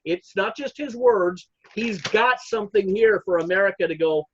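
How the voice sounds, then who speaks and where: A man delivers heated political commentary as a guest on a talk show. He talks in an emphatic, rambling way, full of fillers and restarts. His voice sits fairly high, and the recording is muffled and lo-fi. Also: moderate pace, hardly any pauses, slightly rough. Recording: dull lo-fi sound.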